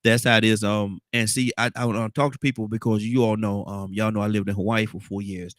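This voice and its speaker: A man's voice: fairly low pitch, little pitch movement, brisk, no echo, clean studio sound. Rambling male morning show host. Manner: rambling, repeats words and phrases. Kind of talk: casual morning show chat.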